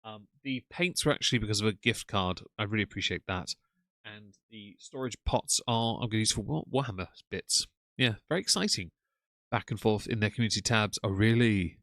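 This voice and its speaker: A man hosts a casual live stream and chats loosely between greetings, full of ums and trailing asides. His voice sits low and is recorded close and dry, with no room sound around it. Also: a little fast, a bit bright, no room sound. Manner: chatty, rambling, with frequent ums and yawns. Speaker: livestream host.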